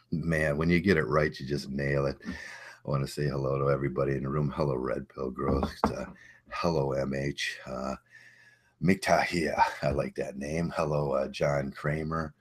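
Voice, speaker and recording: A man's voice: rumbling low, flat delivery, normal speed, breathy edge. A man hosting a livestream, talking casually and rambling with many fillers. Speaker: livestream host.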